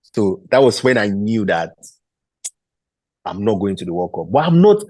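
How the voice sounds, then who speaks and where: A man's voice: lowish voice, moderate pace, dry recording. Man with a Nigerian accent telling a story. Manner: animated retelling, acting out the people he quotes; frequent restarts and repeated words. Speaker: guest footballer. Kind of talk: storytelling interview.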